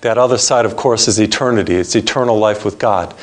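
A man preaching a sermon, reading scripture and telling a joke, slowing down to stress his points. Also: lowish voice. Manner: storytelling, varied pace, emphatic slowing on key points.

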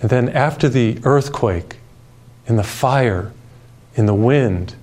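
A man preaching a televised sermon in a calm, gentle, soothing way, telling personal stories. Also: on the low side, slow pace. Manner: storytelling with personal anecdotes.

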